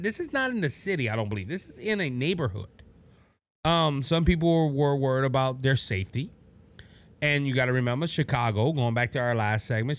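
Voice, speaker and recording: A man hosting a political talk show, delivering an animated commentary monologue and mocking the people he quotes. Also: mid-range voice. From Louisiana.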